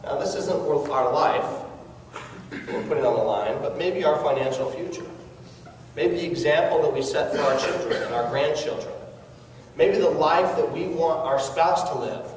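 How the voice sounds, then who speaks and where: A man's voice: fairly high pitch, normal speed, darkish tone, a little hiss or hum. A man giving a motivational network marketing talk, earnest and coaxing, asking his audience questions. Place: large hall with an audience. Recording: echoey hall recorded from far off.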